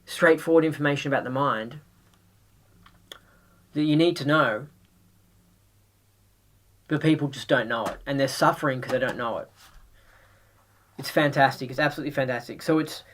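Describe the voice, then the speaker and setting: A man's voice: mid-range voice, sharp tone, a little hiss or hum. A man hosting a podcast, giving a casual, earnest review and pressing his listeners again and again to watch something, with many restarts. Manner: earnest and insistent, restarts a lot. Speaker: podcast host reviewing a DVD.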